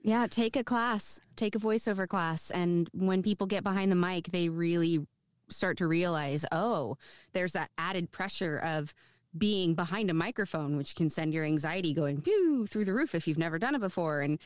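A woman voiceover artist talking casually as an interview guest, lively and expressive. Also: lowish voice, moderate pace, no room sound, studio quality.

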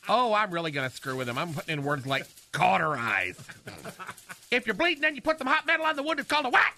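A man's voice: high voice, sing-song, fast talker, pushed and bright, heavily acted. An actor playing a flamboyant, fussy, gossipy man in a comedy radio sketch, with a campy sing-song manner and dramatic sighs. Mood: campy gossip.

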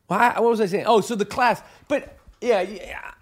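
A New man with a high-pitched voice hosts a podcast, talking in a brash, profane way. His casual chat swings into loud, rapid rants. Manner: profane, rapid ranting with shouted tirades. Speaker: podcast host.

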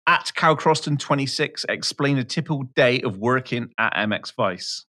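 A man's voice: mid-range voice, lively intonation, moderate pace, sharp tone. A man co-hosting a casual podcast, teasing and joking. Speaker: podcast co-host.

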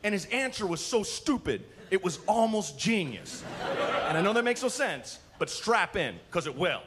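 A man from Portland doing a stand-up comedy set, telling animated stories and acting out characters, with swearing. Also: sits high, moderate pace, crowd noise. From Portland, USA. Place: comedy club stage.

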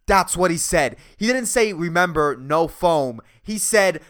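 A man rants his way through customer stories on his podcast, cursing freely and sounding fed up. His pitch swings a lot, leaping up and dropping down as he vents. The delivery is sarcastic and animated. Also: a little slow, hardly any pauses. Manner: profane, exasperated, sarcastic. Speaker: podcast host. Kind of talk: ranting storytelling.

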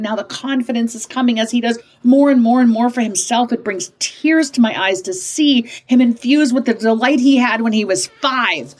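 A somewhat high-pitched woman in her fifties, talking as an interview guest about raising kids. She is emphatic and lively, checking in with the listener, and she jumps up into acted voices whenever she quotes a parent or child. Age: 50s. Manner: animated, switches into higher voices to act out quoted parents and kids; emphatic, punctuates points with "okay?". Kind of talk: conversational storytelling in an interview.

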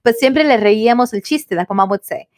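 A quick-talking woman in her thirties chats casually as a podcast co-host. Her voice sits a little high, and she acts out everyone she quotes, slipping into Spanish now and then. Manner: animated storyteller, acts out quotes, mixes in Spanish. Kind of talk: casual chat.

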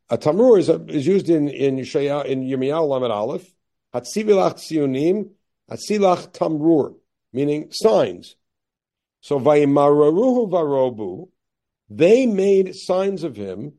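Lecturing as a rabbi on a Bible text, he reads the old verses slowly, then explains them step by step. He asks himself questions and answers them along the way, his voice medium in pitch and mellow.

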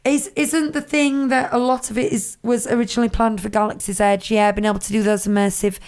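A woman's voice: on the high side, fairly quick, clean tone. A woman co-hosting a podcast, chatting casually and acting out quotes as she tells stories. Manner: chatty, animated storytelling with acted-out quotes. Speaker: podcast co-host. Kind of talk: casual chat.

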